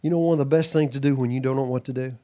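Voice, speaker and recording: A middle-aged man from Texas preaches with energy, his voice rising and dropping as he tells stories. He jumps into quick asides and acts out the voices of people in his stories. His voice sits at an ordinary pitch for a man. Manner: animated, acts out quoted voices, breaks into asides. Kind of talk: sermon.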